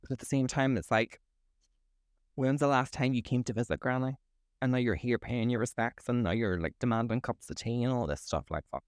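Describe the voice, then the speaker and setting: A man's voice: mid-range voice, a little fast, smooth, no echo, clean studio sound. A man co-hosting a podcast, talking animatedly and swearing freely between laughs. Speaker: podcast co-host. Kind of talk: casual chat.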